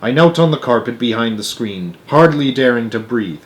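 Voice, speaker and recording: A young man reading a children's novel aloud, expressive, with small slips and restarts. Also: mid-range voice, normal speed. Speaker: storyteller.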